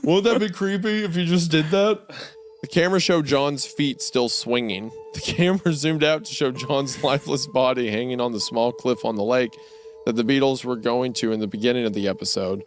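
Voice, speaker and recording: A man's voice: mid-range voice, moderate pace, faint music behind. A young man on a comedy podcast, reading a creepy story aloud and often laughing partway through his sentences. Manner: laughs often, breaks into giggles mid-sentence. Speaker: podcast co-host.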